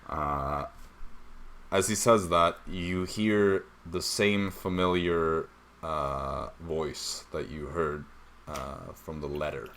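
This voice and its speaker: Very deep slow-talking young man. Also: fairly even intonation, fairly bright tone. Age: young adult. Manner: hesitant, many fillers. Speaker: dungeon master. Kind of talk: narrating a tabletop game.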